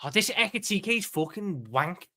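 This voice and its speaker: A man's voice: high-pitched, lively intonation, normal speed, bright, forceful tone. A man with a Scouse accent, co-hosting a football watchalong in casual, sweary, joking banter. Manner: blunt, sweary, jokey banter. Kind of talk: casual chat.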